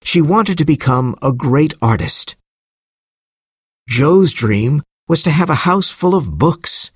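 A man narrating a simple storybook in a clear, measured reading voice. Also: on the high side, expressive, dry recording, clean studio sound.

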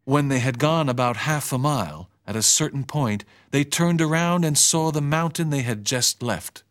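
A man narrating a story chapter in an even, measured storytelling voice. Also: medium pitch. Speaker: audiobook narrator. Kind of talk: scripted narration.

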